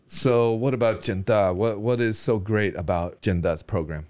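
A man hosting a podcast, asking steering questions and adding quick quips. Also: fairly low pitch, a little mellow. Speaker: podcast host. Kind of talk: casual chat.

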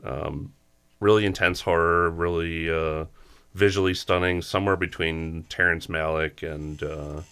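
A man on a film podcast, describing films in a measured way with frequent ums. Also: deep voice, steady tone, a bit bright, clear, resonant tone. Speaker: podcast co-host. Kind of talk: casual chat.

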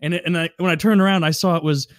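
A man with a slightly raised voice chats loosely with friends, swearing freely and jumping into higher put-on voices to act out what others might say. His delivery is dry and close, with no room around it. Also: rapid-fire, no echo. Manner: animated, swearing, acts out quotes in a higher voice. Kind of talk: casual chat.

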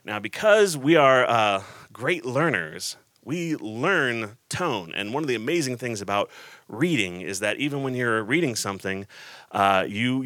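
With a mid-range voice and no echo, a man preaches a casual, joking sermon to a laughing audience, reading scripture aloud and telling stories animatedly.

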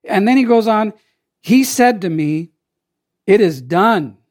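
A male pastor delivering a sermon in an emphatic, rising and falling style. His voice sits high for a man. The sound is dry, with no room echo. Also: lively intonation, takes it slowly, a little mellow.

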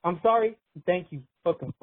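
A man's voice: sits high, expressive, moderate pace. A young man from Texas, calling in to a sports talk show on a phone line and ranting in a choked-up, rambling, profane way, saying "dude" constantly. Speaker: caller. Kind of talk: emotional call-in rant.

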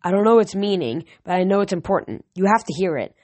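A woman reading the part of an anxious young woman with visions speaks earnestly and apologetically, a little higher than plain storybook narration. The sound is dry and close. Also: lively intonation, fast talker, darkish tone, no room sound, close to an everyday voice. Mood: earnest apologetic.

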